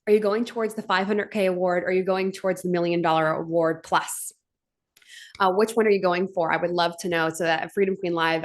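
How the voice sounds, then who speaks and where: A woman hosting a live stream for her business community, speaking in a gushing, heartfelt way with frequent "like" fillers. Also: lowish voice. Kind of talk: emotional motivational live stream. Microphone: webcam on a live stream.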